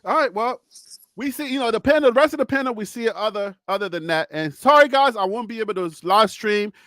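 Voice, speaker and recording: A man hosting a casual sports talk show from a studio, loud and teasing, laughing often. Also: sits high, animated, fast, no room sound. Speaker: podcast host. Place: home studio.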